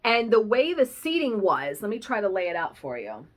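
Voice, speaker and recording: Lively chatty woman telling a story. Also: medium pitch, normal speed. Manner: chatty, conversational, swears casually. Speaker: cross-stitch vlogger. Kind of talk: casual storytelling vlog.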